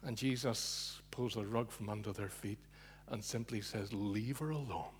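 A man preaching a sermon, telling a story with loud emphasis that drops to hushed, low asides. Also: steady tone, normal speed, a little hiss or hum.

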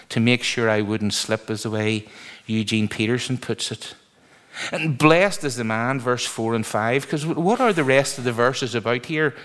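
Male preacher, mid-pitched voice, lively and emphatic sermon delivery.

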